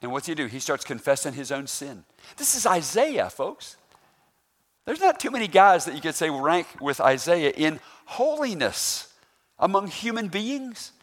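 A man preaching a sermon, animated, rising loud on emphasis and asking the congregation questions. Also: a little high, a little slow. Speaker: pastor.

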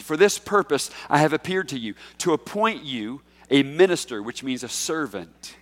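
A man preaching an expository sermon, emphatic, rising to loud peaks when he quotes scripture. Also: a little high, lively intonation, normal speed, few pauses, in a large hall. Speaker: pastor.

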